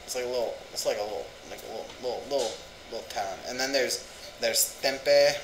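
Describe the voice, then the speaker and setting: A man's voice: medium pitch, brisk. A man chatting casually in a language-learning vlog, rambling and amused with himself as he sounds out words aloud. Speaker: vlogger. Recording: echoey room with faint ambient hum.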